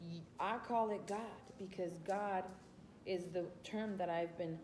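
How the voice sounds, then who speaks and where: A woman's voice: lowish voice, fairly even intonation, a little slow, a little mellow, a little hiss or hum. A woman chatting casually about self-growth, retelling classroom exchanges and calling listeners honey. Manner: retells classroom exchanges and talks to her dog; calls listeners honey and baby. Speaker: vlogger. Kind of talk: casual self-help talk. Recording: echoey room.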